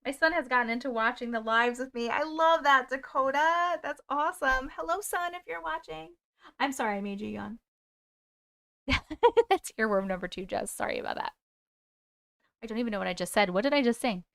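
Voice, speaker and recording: A chatty woman hosting a livestream, with a voice pitched a little higher than most. She reads stories out and answers viewer comments as they come in. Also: moderate pace, vocal fry, fairly bright tone. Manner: chatty, talks back to viewer comments, sings snatches of songs. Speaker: host reading viewer stories. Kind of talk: casual livestream chat and story reading.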